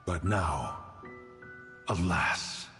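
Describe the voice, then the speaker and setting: An actor playing a stern, ancient guardian spirit of a mountain who speaks in an archaic, formal, menacing way. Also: male voice, deep voice, expressive, extremely slow, big-room sound, over music, full character voice. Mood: solemn. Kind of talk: game cutscene voice acting.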